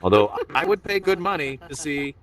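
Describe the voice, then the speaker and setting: A man's voice: on the high side, big pitch swings, normal speed, fairly bright tone, far from the mic. A man doing a playful, rambling stand-up set streamed online. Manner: rambling, self-interrupting, playful. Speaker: stand-up comedian.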